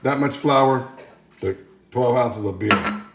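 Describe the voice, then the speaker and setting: A man's voice: mid-range voice, slow pace, very noisy. A man casually talking through a home cooking demonstration, rambling along with folksy, joking asides. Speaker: home cook hosting a cooking channel. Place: home kitchen, indoors. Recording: echoey kitchen with clattering pots.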